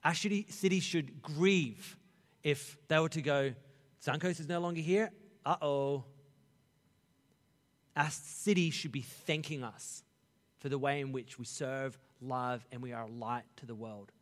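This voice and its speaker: A man preaching a sermon as pastor, animated and conversational, acting out Bible figures in a casual voice. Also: medium pitch, measured pace, big-room sound.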